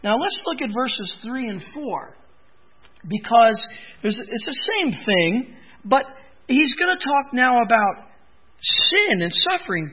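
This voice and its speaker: A man with a high voice preaches in an unhurried, deliberate cadence. He talks earnestly and breaks into impassioned cries when quoting laments. The recording is dull and lo-fi. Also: sing-song, breathy edge. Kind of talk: expository sermon.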